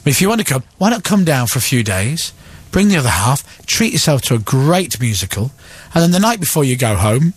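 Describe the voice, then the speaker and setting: A man hosting a radio chat, teasing his guest with quick playful jokes. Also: medium pitch, big pitch swings, slightly rough, dry recording. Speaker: radio host.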